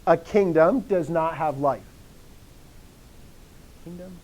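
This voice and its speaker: Speaking extremely slowly, a man with a fairly high, expressive voice and darkish tone teaches Greek grammar in a live online lesson. He explains each step and quizzes his students, replying encouragingly.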